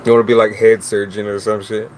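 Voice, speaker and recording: A man's voice: fairly low pitch, flat delivery, quick pace, a little mellow, a little hiss or hum. A man hosting a live tarot stream, chatting casually with viewers in a teasing, profane way. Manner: teasing, profane, talks straight to chat. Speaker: tarot reader host.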